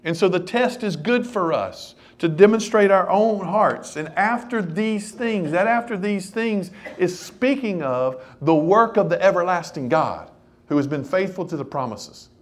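A male pastor delivers an animated sermon. His voice sits a little high, and he keeps swinging it up and down for emphasis. He talks straight to the congregation. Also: a little slow. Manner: animated preaching, rising and dropping his voice, addressing the congregation directly.

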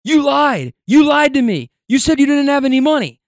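A man voicing an indignant older male stranger who hurls accusations and curses in shrill outbursts. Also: sing-song, normal speed, no echo, clean studio sound, heavily acted. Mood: accusing, shouting.

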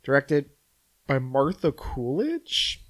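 A man's voice: mid-range voice, big pitch swings, takes it slowly. A man from California co-hosting a casual movie chat, rambling with many restarts and fillers. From San Fernando Valley, California. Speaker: podcast co-host.

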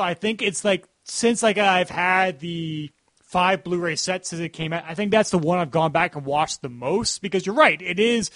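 High-voiced rambling podcast host man. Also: fairly bright tone, dry recording. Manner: rambling, lots of "like" fillers. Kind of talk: casual podcast chat.

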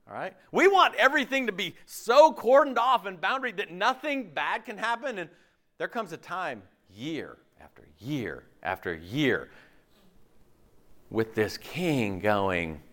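A pastor giving a casual, jokey sermon, asking the audience questions and laughing often. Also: male voice, sits high, very animated, moderate pace, sharp tone.

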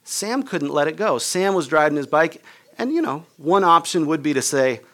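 A pastor with a voice on the high side, fairly bright and lively in intonation, preaches at a moderate pace. He casually tells a personal story, acting out the people in it, with many "like" and "right?" asides.

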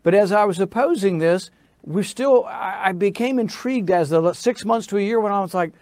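A man's voice: high voice, brisk, darkish tone, no echo. A middle-aged American man who is a senator, telling a story in an interview in an insistent manner that builds to indignation. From United States.

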